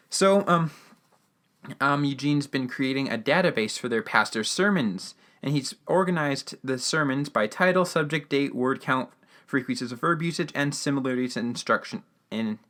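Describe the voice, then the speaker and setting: A man's voice: medium pitch, normal speed, a bit bright. Rambling man recapping a radio episode. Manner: rambling, with many fillers and restarts. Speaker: podcast host.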